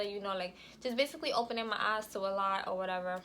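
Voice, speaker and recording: Bright-voiced young woman telling a story. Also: mid-range voice, quick pace, few pauses, a little hiss or hum. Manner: chatty, frequent "like" and "y'all". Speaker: vlogger. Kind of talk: casual story time.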